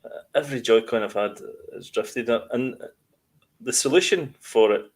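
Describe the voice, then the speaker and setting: A man co-hosting a podcast chats casually, rambling and restarting as he goes. His voice is medium-pitched at a normal speed.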